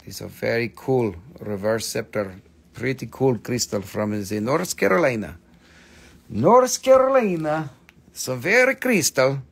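Gravelly man joking through a live sale. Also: mid-range voice, big pitch swings, moderate pace, fairly bright tone. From America. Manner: playful, rambling banter. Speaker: crystal seller hosting a live sale. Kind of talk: joking live-stream sales chat.

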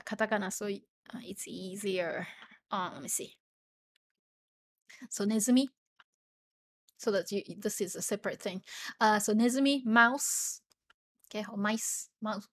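A tired woman with a Japanese accent, native speaker of Japanese, teaching the language in a casual livestream Q&A, chatty with lots of fillers. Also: mid-range voice. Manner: chatty, many fillers, laughs often, spells out words.

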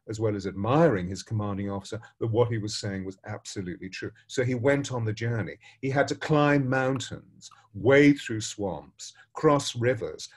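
A man speaking as a spiritual teacher tells a parable with dramatic flair. His delivery speeds up and slows down and swells and softens, all at a mid-range pitch. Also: breathy edge. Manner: expressive, dramatic, shifting pace and loudness. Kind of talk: storytelling parable and spiritual talk.

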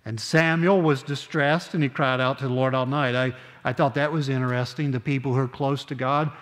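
Older guy preaching a sunday sermon, earnest, slows way down on the big lines, mid-pitched, lots of church reverb. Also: fairly even intonation. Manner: earnest, slows down on key phrases, conversational asides. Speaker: pastor. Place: church sanctuary.

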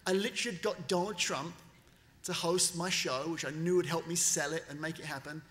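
A man's voice: fairly high pitch, fairly quick. A man giving a graduation speech, telling a story with energy and acting out the people he quotes. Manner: animated storyteller, acts out quoted voices. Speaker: commencement speaker. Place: graduation ceremony venue. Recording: long reverb of a large venue.

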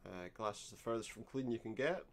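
A man's voice: lowish voice, brisk. A man giving gameplay commentary, reading game text aloud with dry, sarcastic asides. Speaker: let's play host.

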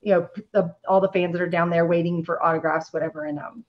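A woman's voice: on the low side, fairly even intonation, fast. A woman in her forties co-hosting a podcast in casual chat, telling stories in a rambling way full of fillers. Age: 40s. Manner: rambling, filler-heavy storytelling. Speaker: podcast co-host. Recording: dull lo-fi podcast audio.

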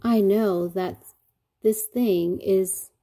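Storybook bug: a woman doing a calm, clever roly-poly girl with a husky, mellow voice. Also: medium pitch, extremely slow. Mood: reasoning.

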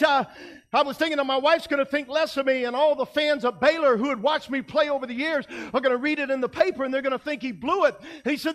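Man, pastor, sermon, very high voice, impassioned, shouts and hushes. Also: moderate pace.

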